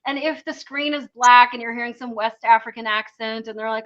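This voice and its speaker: A woman's voice: on the high side, flat delivery, normal speed, fairly bright tone, lo-fi sound. Chatty, sarcastic woman. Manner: chatty, sarcastic, full of fillers. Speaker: podcast co-host. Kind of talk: casual chat.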